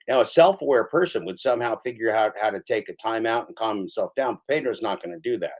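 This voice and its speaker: A man's voice: fairly low pitch, expressive, fast. A man giving mocking, sarcastic play-by-play commentary over another person's stream.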